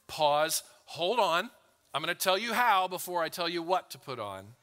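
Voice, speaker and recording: A man delivers a sermon in an earnest, unhurried way, doubling words as he starts a thought and slowing to read verses aloud. His voice is bright and smooth, sitting slightly above the usual male pitch. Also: animated. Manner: earnest, repeats words when starting phrases, slows down to read scripture. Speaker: pastor.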